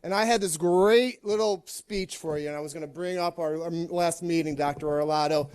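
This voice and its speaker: A man's voice: on the high side, moderate pace, darkish tone, smooth, no echo. A male teacher giving a fiery, confrontational public comment with wry humor.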